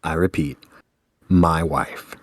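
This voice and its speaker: A man co-hosting a podcast, casually running a movie quote quiz and laughing often. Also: slow pace. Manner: playful, laughs often, swings widely in pitch. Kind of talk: casual chat.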